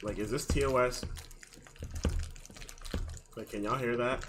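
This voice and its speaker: A man streaming live, chatting excitedly with viewers and swearing in loud outbursts. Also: medium pitch, unhurried. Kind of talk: live gaming stream chat.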